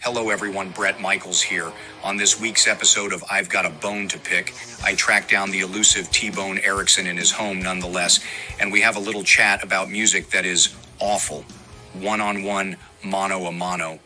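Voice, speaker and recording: A man's voice: low-pitched, steady tone, normal speed, sharp tone, soft background music. A man doing a comedy impression of a rock singer who rants and scolds in mock outrage. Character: rock singer ranting at a podcast guest.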